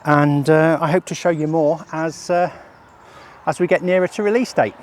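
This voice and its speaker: A man's voice: a little high, steady tone, normal speed. A man walking his rural property outdoors, talking casually and out of breath, rambling with fillers as he tests a product. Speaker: product developer presenting a range test.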